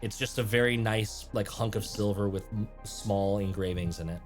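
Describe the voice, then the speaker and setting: A man narrating as game master of a tabletop game, relaxed and conversational, sometimes tripping over invented words. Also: fairly low pitch, normal speed, faint music behind.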